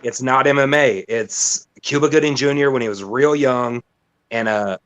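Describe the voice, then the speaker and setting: A man's voice: medium pitch, normal speed, fairly bright tone, poor audio. A man talking bluntly and insistently in a casual group chat over a voice call.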